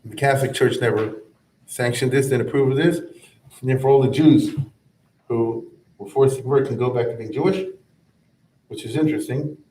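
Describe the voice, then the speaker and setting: A rabbi teaching a class explains old texts in a relaxed, talky way, breaking into chanted Hebrew verses before translating them, with many asides. His mid-range male voice moves at a moderate pace with frequent pauses. It's an informal explanatory lecture captured off-mic in a large, echoey room.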